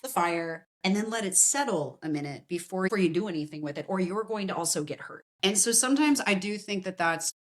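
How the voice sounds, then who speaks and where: Fairly quick and with few pauses, this forties-aged somatic practitioner speaks at a medium pitch. In a casual podcast chat, she tells stories animatedly, acting out quotes.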